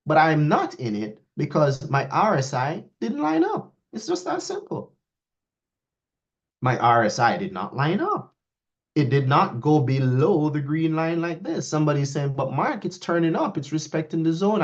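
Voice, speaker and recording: A man teaching a live trading lesson, talking straight to his students and acting out their questions in a raised voice. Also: a little high. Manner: lively, talks to students, quotes askers in a raised voice. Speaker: trading instructor. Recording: dull lo-fi audio.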